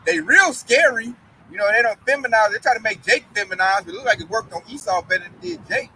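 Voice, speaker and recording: A man in a casual religious discussion who tells animated stories in colloquial speech and acts out other people's voices. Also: sits high, quick pace, slight background noise, rough recording. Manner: colloquial, with frequent fillers.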